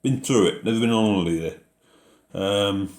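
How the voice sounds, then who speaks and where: Host, male: relaxed farmer reading viewer questions aloud, lowish voice, echoey space. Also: moderate pace. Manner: easygoing, reads out viewer questions then answers. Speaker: farming video host answering live chat. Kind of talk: casual live Q&A chat.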